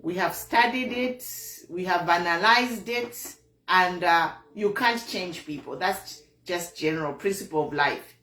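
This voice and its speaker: A woman with a Zambian accent delivers a slow, unhurried political monologue as host of an online show. She talks earnestly and repeats herself, with a disappointed tone. Her voice carries a noticeable room echo. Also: on the low side, a bit bright.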